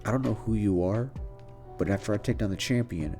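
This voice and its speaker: A cocky young rival who taunts everyone he meets, put on by a male storyteller. The voice sits low and mellow, with faint music underneath. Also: fairly quick, natural voice. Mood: sneering. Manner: sneering, taunting.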